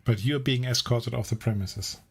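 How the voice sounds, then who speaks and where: A man running a tabletop role-playing session, narrating scenes in a relaxed, descriptive way. His voice is husky and a little breathy. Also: mid-range voice, normal speed. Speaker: game master.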